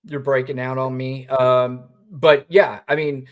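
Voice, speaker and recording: A man's voice: medium pitch, little pitch movement, unhurried, phone-quality sound. Male co-host, political chat, cutting and profane. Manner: blunt, profane, sarcastic. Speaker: podcast co-host.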